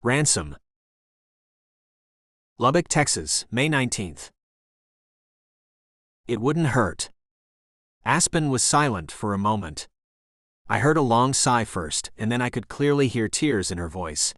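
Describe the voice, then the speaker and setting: Man, audiobook narrator, first-person romance reading, steady storytelling, lively pitch, dry close mic. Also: slow pace, pauses often, no echo.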